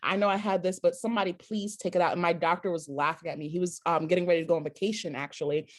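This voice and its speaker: A woman co-hosting a casual panel chat, telling a lively story, acting out quotes and laughing often between lines. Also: lowish voice, quick pace. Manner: lively storyteller who acts out quotes, heavy "like"; laughs often while talking. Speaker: podcast co-host.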